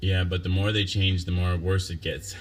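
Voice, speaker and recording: A deep-voiced man hosts a casual livestream and reads viewer comments aloud. He rambles and thinks out loud between chuckles. A faint hum of noise sits behind his voice. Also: little pitch movement, moderate pace.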